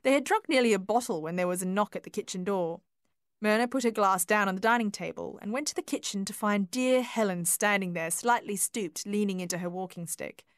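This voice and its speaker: A woman reading a novel aloud as audiobook narrator, measured and even. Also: medium pitch, dry recording, studio quality. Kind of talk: scripted narration.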